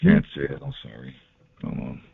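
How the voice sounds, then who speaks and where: A man's voice: mid-range voice, huge pitch swings, normal speed, gravelly, slightly rough. A man walking through court documents in a folksy, informal way, marking items off one by one with sarcastic asides. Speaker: presenter explaining court papers. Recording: tinny phone-like audio.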